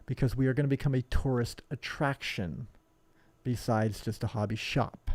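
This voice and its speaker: A man's voice: medium pitch, fairly even intonation, moderate pace, darkish tone, no room sound. A man who owns a hobby shop, talking bluntly and combatively in a rambling live stream. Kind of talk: live-streamed casual talk.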